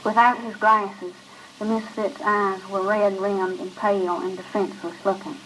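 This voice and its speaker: A woman reads a short story aloud in a measured, even voice. Her pitch sits in a middle register and her pacing stays steady. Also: slight background noise, poor audio. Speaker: reader. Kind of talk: scripted narration of a short story.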